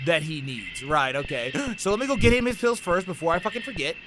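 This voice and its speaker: A man doing excitable, profane horror game commentary, reading game text aloud between outbursts and shouts. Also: a little high, brisk, few pauses, noisy background. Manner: excitable, swears a lot, bursts into shouts. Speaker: let's play gamer.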